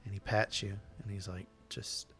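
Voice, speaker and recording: A man narrating a tabletop game as game master, hesitant and halting but reassuring. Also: sits low. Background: faint music.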